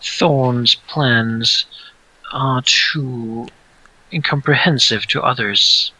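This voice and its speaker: A man plays an aloof woman commander in a tabletop session, formal and unhurried in speech. Her tone is strikingly bright and forceful. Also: medium pitch, dry recording, exaggerated voice, low-quality recording. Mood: cool, formal. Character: composed woman leader, aloof and terse.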